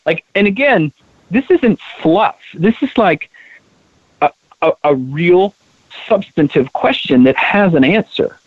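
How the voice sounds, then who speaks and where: Speaking slowly in a high, expressive voice, this male guest, co-founder of a women's leadership project, talks with earnest emphasis in a conversational interview, frequently restarting sentences and repeating words. The audio is dry and tinny, like a phone line.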